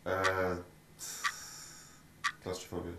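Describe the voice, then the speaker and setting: Man, producer guest, very low voice, relaxed and brief, roomy echo. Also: slow, background noise. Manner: laid-back, brief answers. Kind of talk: interview answers.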